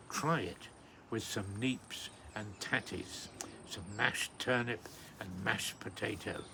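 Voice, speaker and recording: A man with a gravelly voice reads verse slowly and unhurriedly, pausing often with ums as he talks about the poet between readings. Crickets and insects chirp in the background. The recording is noisy. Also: lowish voice. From British Isles. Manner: hesitant, many ums and pauses, warm enthusiasm for the poet. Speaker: host of a daily poetry reflection. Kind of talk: reading poetry aloud with casual commentary.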